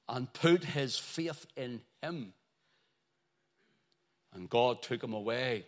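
This sermon comes from a man with an expressive, mid-range voice. He moves from loud, drawn-out cries to hushed phrases that trail downward, emphasizing key words along the way.

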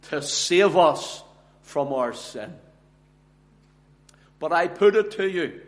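A man preaching a sermon, slow and emphatic, swinging between hushed lines and loud, ringing ones. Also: high voice.

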